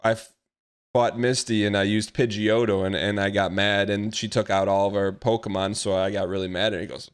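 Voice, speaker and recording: A man in his thirties, a streamer telling a rambling, animated story in casual chat with comic exaggeration. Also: fairly low pitch, moderate pace, clean tone.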